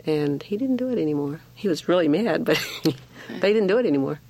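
A man who umpires softball, talking in a firm, plainspoken way in a casual radio discussion. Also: a little high, animated, a little fast.

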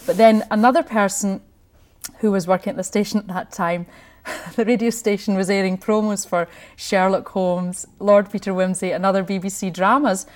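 A chatty middle-aged woman with a Scottish accent talks freely in an interview, often laughing and restarting her sentences. She is a radio host with a medium-pitched voice. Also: steady tone, normal speed. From Scotland. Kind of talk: conversational interview.

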